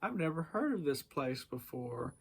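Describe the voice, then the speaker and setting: A man voicing two mischievous, mean boys, sounding excited and bratty. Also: fairly high pitch, normal speed, husky.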